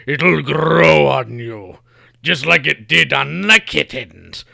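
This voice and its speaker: A man reading comic lines as a smug, theatrical undead male wizard villain, slow and grandiose. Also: on the high side, gravelly, bright, forceful tone, no room sound, exaggerated voice.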